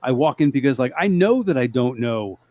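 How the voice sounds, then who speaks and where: A man co-hosting a podcast in casual chat, rambling and halting with lots of filler words, self-deprecating and quick to laugh. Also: mid-range voice, animated, a little mellow, no room sound, muffled recording. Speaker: podcast co-host.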